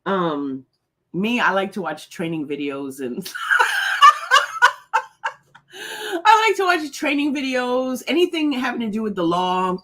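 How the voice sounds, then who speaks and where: A woman's voice: on the high side, sing-song, measured pace, long pauses, a bit bright. A middle-aged woman hosting a casual live stream, chatty and laughing often as she greets viewers by name. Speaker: host.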